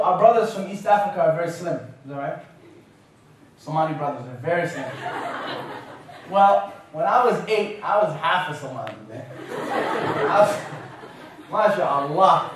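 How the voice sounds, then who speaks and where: A guest speaker with a fairly high male voice delivers a humorous storytelling lecture, animated and joking, laughing often. He's captured from far off in a large, very echoey university hall, his voice booming around the room over a faint hum.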